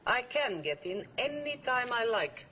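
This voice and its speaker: A cold, curt commissar. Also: female voice, a little high, very animated, measured pace, bright, forceful tone, full character voice. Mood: commanding. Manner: curt, scornful orders. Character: cold, commanding female secret-police commissar. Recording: dull 1960s TV soundtrack with hiss.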